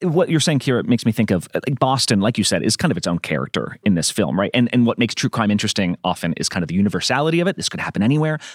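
Interviewer, lower voice, quick and lively. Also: male voice, slightly rough, no room sound, studio quality. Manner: conversational, hedging with fillers. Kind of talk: interview questions.

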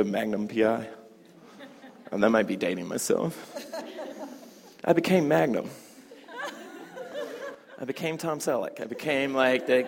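A man teaching a hoop dance class, chatty and animated, telling stories and laughing often. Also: mid-range voice. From Southern United States. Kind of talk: class talk with storytelling. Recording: long hall reverb.

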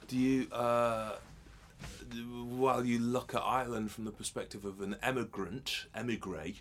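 A man in his forties interviewing a playwright, asking measured, thoughtful questions with small stumbles. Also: medium pitch, fairly even intonation, fairly bright tone, slight background noise.

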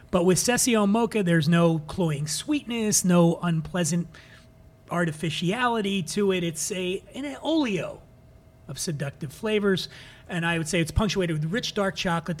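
A man from Philadelphia hosting a drinks podcast, jokey and profane as he reviews bottles. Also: sits high. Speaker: podcast host. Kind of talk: casual podcast monologue.

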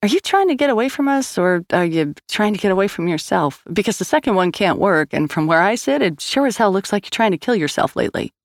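A woman's voice: medium pitch, big pitch swings, fast, few pauses, no echo, studio quality, pitched above the performer's own voice. A woman voicing a loyal, worried young woman who speaks earnestly and bluntly.

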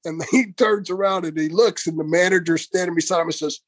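A man's voice: sits high, steady tone, moderate pace, hardly any pauses, no echo. A man casually telling prank stories, chuckling mischievously as he goes. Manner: laughing, mischievous storyteller.

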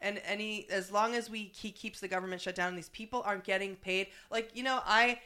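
A woman's voice: medium pitch, fairly even intonation, a little fast, bright, forceful tone, smooth. A woman hosting a casual chat, enthusiastic and swearing freely. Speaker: host.

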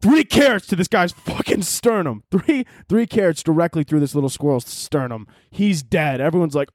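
A man's voice: fairly high pitch, animated, moderate pace, few pauses, no room sound, studio quality. A man hosting his own podcast, rambling through profane comic riffs and cutting himself off mid-thought. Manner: rambling, profane, self-interrupting. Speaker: podcast host. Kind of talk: casual comedic monologue.

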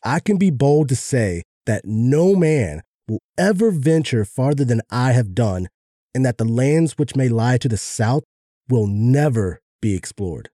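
A man's voice: mid-range voice, very animated, a little slow, dark tone, no echo, studio quality. A man reading a quote aloud in a casual, joking session with a friend. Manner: playful, joking.

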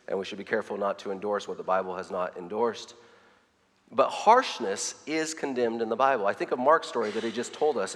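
A man's voice: mid-range voice, pushed and bright. A middle-aged man preaching a sermon, earnest, often repeating his words as he reads quotes aloud. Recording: long hall reverb.

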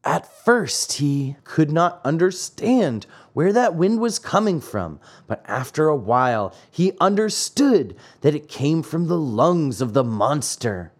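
Expressive male storybook reader. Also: fairly high pitch, slow pace, few pauses, husky. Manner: expressive, dramatic. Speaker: narrator. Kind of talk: storybook reading.

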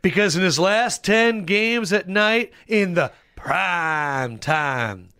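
Male co-host, high lively voice, playful hype man. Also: slow, smooth, no room sound, studio quality. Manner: jokey, animated, hypes his picks. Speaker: podcast co-host. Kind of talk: casual sports betting chat.

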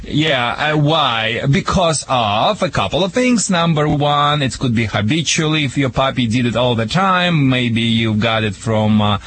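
A man's voice: mid-range voice, lively intonation, a little slow, hardly any pauses, fairly bright tone, breathy edge. A man from Russia with a Russian accent, joking and giving dog training advice on a call-in radio show in broken English. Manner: playful, joking, broken English with many restarts.

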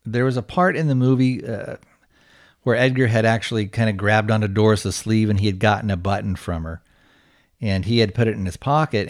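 A man with a somewhat low voice talks through a movie's plot in a loose, casual way. He rambles, restarts his sentences and leans on fillers as he goes. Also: a little mellow. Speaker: podcast host.

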